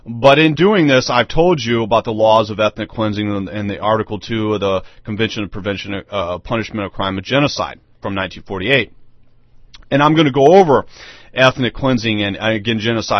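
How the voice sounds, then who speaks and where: A man's voice: lowish voice, fairly quick, no echo. A man hosting an online radio show, delivering a rambling, emphatic monologue that repeats itself. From United States. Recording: dull lo-fi dry audio.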